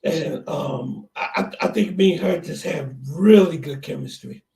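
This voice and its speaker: A man's voice: a little high, unhurried, vocal fry, dark tone, far from the mic. A man hosting a casual podcast chat, telling stories in a rambling, hesitant way. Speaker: channel host.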